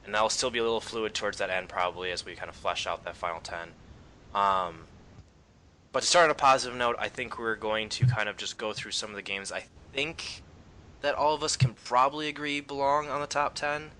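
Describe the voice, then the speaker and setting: Bright-voiced man hosting a podcast. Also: lowish voice, brisk, a little hiss or hum. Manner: relaxed, leads the talk with frequent ums. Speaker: podcast host. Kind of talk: casual podcast discussion.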